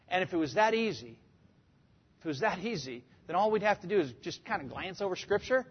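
Husky high-voiced preacher guy teaching a sermon, lively, kinda dull lo-fi sound. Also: brisk. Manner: animated, rhetorical questions, rising to a shout for emphasis. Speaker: pastor. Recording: dull lo-fi recording.

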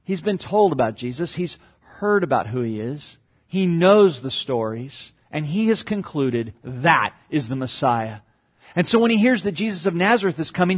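A man's voice: sing-song, normal speed, slightly rough, dull audio. A man preaching a sermon as pastor, explaining a passage verse by verse and acting out quoted cries with sudden rises in voice. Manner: dynamic, acts out quoted lines with big pitch jumps.

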